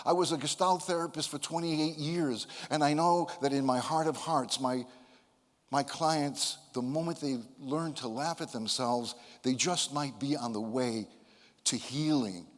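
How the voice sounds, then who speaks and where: A man's voice: mid-range voice, unhurried. An older man giving a motivational talk, telling stories in a playful, self-deprecating, humorous way. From United States (Connecticut). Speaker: speaker. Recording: long hall reverb.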